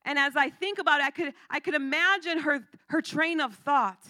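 A woman giving a sermon testimony, swinging from a hushed near-whisper to loud, emphatic preaching with lots of repetition. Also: high voice, normal speed, no room sound, clean studio sound. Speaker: church speaker giving testimony.

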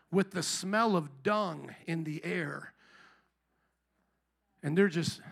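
A man preaching a sermon to his congregation, impassioned, swinging between quiet reflection and shouted calls. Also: high voice, creaky. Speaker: pastor.

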